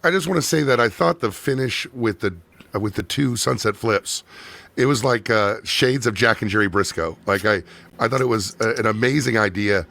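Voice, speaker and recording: A man's voice: on the low side, normal speed, creaky, sharp tone, dry recording. A man hosting a casual interview, listening closely and chiming in with short agreements and questions. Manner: attentive, short agreeing responses. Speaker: podcast host.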